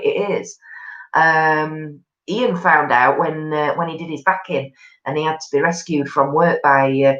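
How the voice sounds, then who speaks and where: A woman's voice: low voice, a bit bright. A woman, hosting a live stream in a chatty, gossipy way, reading out viewer comments and answering them with plenty of ums. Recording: echoey room, dull lo-fi sound.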